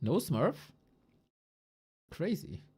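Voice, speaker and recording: A woman casting games on a live stream in a relaxed, playful way, with a lowish voice that swings widely up and down. She takes her time, drawls through lists and throws in the odd curse. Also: drawn-out words, breathy edge. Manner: loose and playful, swears and chuckles while reading rankings. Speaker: esports caster. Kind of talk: casual live-stream chat.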